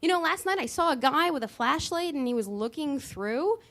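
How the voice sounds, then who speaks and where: A woman's voice: high voice, lively intonation, normal speed, a bit bright, voice pushed up. A woman putting on the offhand, drawling voice of an evasive young woman.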